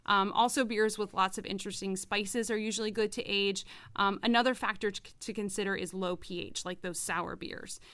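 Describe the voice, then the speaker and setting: Her voice sits in the mid range, bright and clean, with fairly even intonation and a brisk pace; there's no echo. She's a podcast co-host on a casual show, walking through beer styles from her notes with chatty asides, part scripted explainer and part informal chat.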